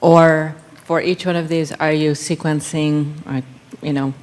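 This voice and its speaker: A woman on an advisory panel, asking technical questions in a halting way with many pauses. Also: deep voice, flat delivery, a little mellow. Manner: halting, many fillers and restarts. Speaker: panel member.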